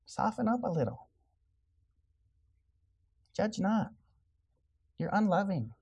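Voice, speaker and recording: A man's voice: sits high, very animated, slow pace, a little mellow, slightly rough, dull audio, pitched above the performer's own voice, exaggerated voice. A man putting on a simpering effeminate critic. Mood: mock-pleading. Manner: sarcastic, simpering mockery. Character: mincing effeminate male critic, scolding softly.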